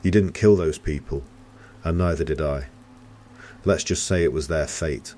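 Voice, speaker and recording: A man doing a cold, eerily calm office boss. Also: rumbling low, a little hiss or hum. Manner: flat, measured and unnervingly calm.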